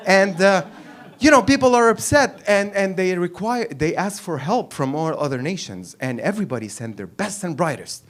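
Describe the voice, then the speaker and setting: A man's voice: sits high, moderate pace. A man performing a crude, rambling stand-up comedy set on a club stage with a handheld mic, from the Arab world. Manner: brash, crude, rambling and animated.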